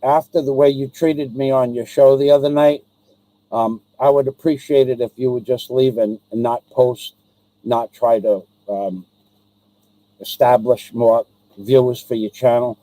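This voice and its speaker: A man's voice: medium pitch, fairly even intonation, measured pace, mellow, no echo, poor audio. A man hosting his own live stream, speaking directly to a viewer in an aggrieved, repetitive way, with frequent ums and restarts. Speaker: livestream host.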